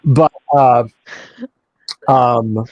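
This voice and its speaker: A man's voice: medium pitch, steady tone, drawn-out words, lo-fi sound. A middle-aged man hosting a casual live stream, rambling with many fillers and restarts. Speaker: stream host.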